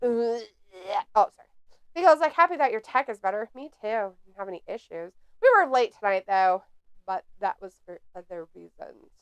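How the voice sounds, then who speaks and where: A woman's voice: mid-range voice, lively intonation, normal speed, smooth, no echo. A woman hosting a live watch-along stream, reading chat aloud in a snarky, sarcastic way.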